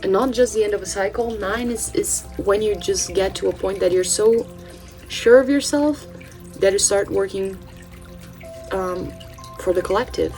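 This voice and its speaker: Her voice is mid-range, moderately paced, and a little mellow, caught in a low-quality recording with faint music behind. She's a channel host and spiritual card reader in her thirties, Brazilian-born with Portuguese as her native language and a mixed British-Californian English accent, casually working through an oracle card reading full of ums and restarts.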